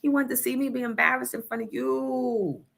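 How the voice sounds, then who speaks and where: A woman's voice: high-pitched, steady tone, moderate pace, vocal fry, a bit bright. A woman radio host telling a personal story in a brash, profane, emphatic way. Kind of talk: storytelling on a morning show.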